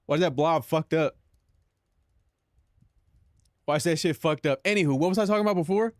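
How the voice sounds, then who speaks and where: Young man, streamer, casual profane joking, slightly high voice, dry close mic. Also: brisk, no echo. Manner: joking, profane, laughs at his own bits. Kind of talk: casual live-stream chat.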